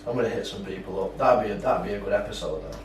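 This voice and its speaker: A man's voice: fairly low pitch, rapid-fire. Young man, slang-heavy storyteller, distant mic, echoey room, faint hum. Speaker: podcast co-host. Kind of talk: casual chat.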